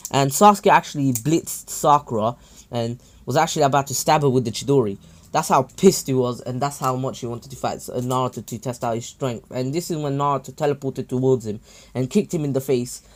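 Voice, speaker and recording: A man casually recapping a fan-made story, rambling with many fillers and self-corrections. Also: mid-range voice.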